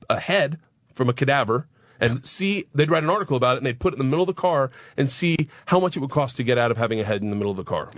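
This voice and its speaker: Fast-talking profane storyteller man. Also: mid-range voice, no room sound. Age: 30s. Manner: profane, excitable, acts out voices. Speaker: comedian guest. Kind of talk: animated storytelling on talk radio. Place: radio studio. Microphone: studio microphone.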